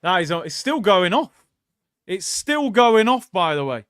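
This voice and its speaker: A high-voiced man hosting a live football watchalong, talking straight to his viewers and breaking into loud shouts. His voice is smooth and clear, recorded close and dry with no room sound. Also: measured pace, dry recording. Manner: excitable, bursts into loud shouts; chatty, addresses viewers as "people". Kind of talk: live watchalong reaction commentary.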